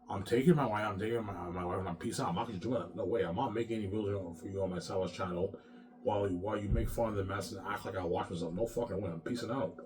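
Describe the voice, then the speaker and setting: A man's voice: on the low side, very fast, a little hiss or hum. A man rambling through a profane personal monologue, often stammering and repeating himself. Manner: repetitive, profane, stammering restarts. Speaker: vlogger.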